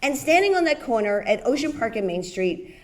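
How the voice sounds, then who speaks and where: A middle-aged woman from New Jersey delivers a keynote as a lively storyteller. Her voice sits a little high, and she acts out each exchange with bright energy. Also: a little fast. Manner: animated storyteller, acts out dialogue, laughs often. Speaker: keynote speaker.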